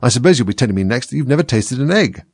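A man voicing an anxious female pigeon guarding her nest, shrill and accusing. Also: expressive, rapid-fire. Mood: contemptuous.

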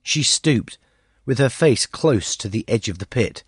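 A man narrating a story, reading in a measured, expressive way with a husky voice. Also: mid-range voice, no echo, clean studio sound.

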